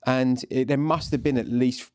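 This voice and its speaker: Guest, man, mid-pitched voice, rambling anecdotes, dry close mic. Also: fairly even intonation, normal speed, a little mellow, clean tone, no echo. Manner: chatty, rambling storyteller with many restarts. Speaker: podcast guest. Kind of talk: casual chat.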